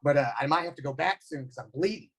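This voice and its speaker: A man's voice: a little high, quick pace, a bit bright, slightly rough. A young man quoting a movie star in a casual, offhand voice. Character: adult male star, joking deadpan about injuries.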